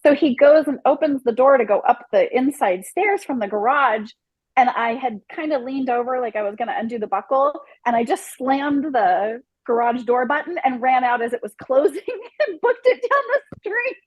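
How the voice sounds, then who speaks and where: A woman with a slightly husky, fairly high voice tells a dating disaster story on a podcast. She acts out each person in the story and laughs along the way. The sound is close and dry. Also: moderate pace, no room sound, highs cut off. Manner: animated, acts out the people in her story, laughs mid-story. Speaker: guest telling a dating story.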